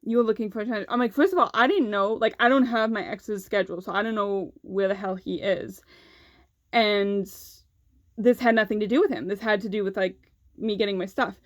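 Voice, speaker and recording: Young woman, vlogger, casual storyteller; candid, swears, lots of "like"; mid-pitched, dry close sound. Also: brisk, no room sound. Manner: candid, swears freely, heavy use of "like".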